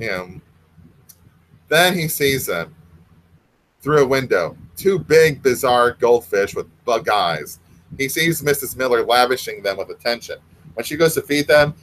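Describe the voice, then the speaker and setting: A man's voice: mid-range voice, expressive, normal speed, fairly bright tone, a little hiss or hum, rough recording. A man reading his own short story aloud, breaking off for wry, self-mocking asides.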